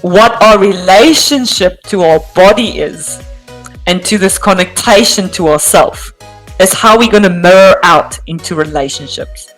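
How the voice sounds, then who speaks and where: A woman's voice: lowish voice, measured pace, a bit bright, soft background music, low-quality recording. A woman from South Africa with a South African accent, a guest speaking thoughtfully and hesitantly in an interview. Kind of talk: reflective interview talk.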